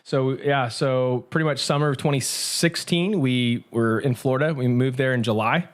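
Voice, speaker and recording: Energetic pastor telling stories. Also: male voice, medium pitch. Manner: energetic, quick, with restarts. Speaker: pastor and guest. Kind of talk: conversational interview storytelling.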